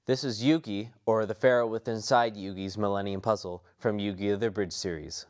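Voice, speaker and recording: A young male voice actor talks casually in an interview, earnest and a bit rambling. His voice sits slightly low for a man. He restarts his thoughts as he goes. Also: fairly even intonation, normal speed. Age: young adult. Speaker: voice actor and student.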